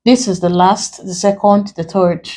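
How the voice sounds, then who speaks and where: A woman's voice: mid-range voice, steady tone, dark tone, slight background noise, poor audio. A woman with a Nigerian accent teaching an exam-prep lesson, spelling out letters and breaking words into syllables step by step. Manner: slow and deliberate, spelling out letters.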